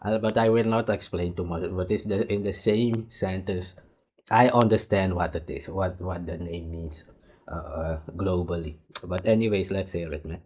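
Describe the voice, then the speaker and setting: A man with a somewhat low voice talks casually as he reacts to a clip. He rambles and drifts between side points, often trailing off before he picks the thread back up. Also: steady tone, normal speed, darkish tone, a little hiss or hum. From Suriname.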